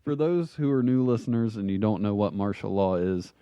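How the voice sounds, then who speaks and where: A man hosting a casual podcast, relaxed and easygoing as he chats with his guest. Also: on the low side, brisk, smooth, dry recording, muffled recording. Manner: relaxed, easygoing, says yeah and mm-hmm a lot. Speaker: podcast host.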